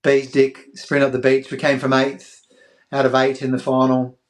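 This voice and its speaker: A middle-aged Australian man telling an emotional story as a podcast guest, animated, acting out other people's voices and dropping soft at tender moments. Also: medium pitch, normal speed. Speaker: podcast guest, former athlete.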